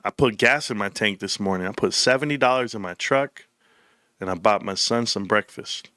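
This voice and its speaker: A man's voice: fairly low pitch, normal speed, bright, forceful tone, clear, resonant tone, no room sound, clean studio sound. A man hosting a casual livestream, reading comments and telling loose, profane stories with frequent laughter. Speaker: livestream host.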